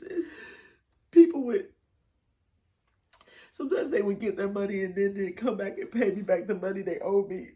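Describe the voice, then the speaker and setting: A woman's voice: medium pitch, moderate pace, long pauses, a little mellow. A middle-aged woman, telling her own story in an interview, candid and blunt, swearing freely. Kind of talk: emotional personal storytelling.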